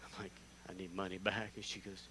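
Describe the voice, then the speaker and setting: A man's voice: low voice, brisk, noisy background. A man preaching a sermon in a church, telling stories in a conversational, self-deprecating way and acting out the characters in them. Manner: animated storytelling, acting out characters with big swings in loudness. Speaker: guest preacher. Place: church sanctuary.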